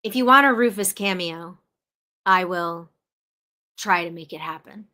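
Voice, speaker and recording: A young woman from New Jersey hosting a livestream, chatting casually and telling stories with animated, playful indignation. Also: fairly low pitch, measured pace, pauses often. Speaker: livestream host. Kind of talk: casual chat.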